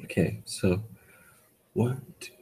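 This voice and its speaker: A man's voice: lowish voice, expressive, slow pace, heavy background noise. A man working as a music tutor, talking casually through a composition in a tutoring room, rambling and correcting himself as he goes. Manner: rambling, self-correcting, lots of "like".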